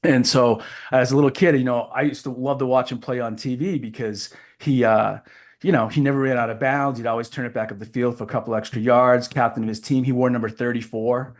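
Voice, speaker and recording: A man's voice: medium pitch, a little fast. A man in his fifties from New Hampshire, a keynote speaker telling a story as an interview guest and acting out the dialogue. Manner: lively storyteller who acts out the dialogue.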